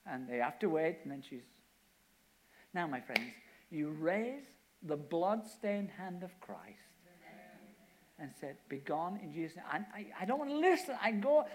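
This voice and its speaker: An older man preaching a sermon, telling a story and then urging his listeners with rising force. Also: high-pitched.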